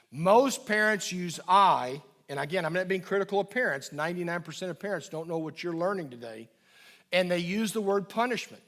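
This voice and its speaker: High-voiced man giving a lively parenting talk. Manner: dynamic, swings from emphatic to soft and low. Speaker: parenting speaker. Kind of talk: live talk to an audience.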